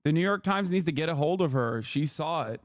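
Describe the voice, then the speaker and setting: A man's voice: fairly high pitch, lively intonation, a little fast, dry recording, clean studio sound. A man streaming live, reacting to videos in loose, sarcastic casual commentary and laughing as he talks.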